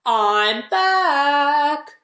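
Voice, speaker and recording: Teen girl playing Captain Hook, lively and echoey. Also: medium pitch, normal speed. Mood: gloating. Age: teens. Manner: gloating, theatrical. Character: boastful vengeful male pirate captain. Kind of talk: amateur school play acting. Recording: roomy echo.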